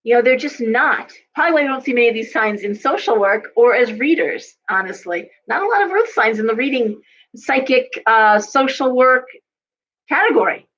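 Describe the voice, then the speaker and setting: A woman's voice: a little high, animated, normal speed, fairly bright tone, muffled recording. A middle-aged woman giving a casual live-stream tarot and astrology reading, talking bluntly to her viewers and swearing freely when fired up.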